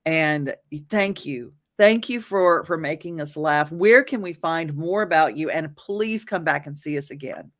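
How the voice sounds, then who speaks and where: A woman's voice: low voice, measured pace, few pauses. Enthusiastic woman hosting a live interview. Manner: enthusiastic, laughs often. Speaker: talk show host.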